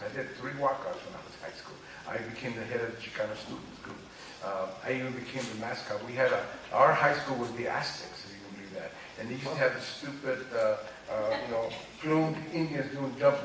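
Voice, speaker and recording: A man of around 60 from Los Angeles talks through his own life story in an animated, confiding way, often checking that his listener is still with him. He sounds a little distant from the mic, inside a strongly echoing room, over a clear wash of background noise. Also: mid-range voice, fairly quick. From Los Angeles, USA. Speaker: author being interviewed. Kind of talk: candid personal storytelling. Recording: echoey room, distant mic, noisy ambience.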